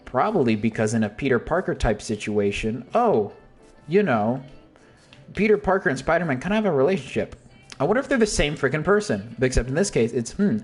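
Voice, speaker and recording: A man's voice: mid-range voice, husky. A man casually explaining an album's story in a rambling, self-interrupting way, with mild slang. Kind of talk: casual commentary.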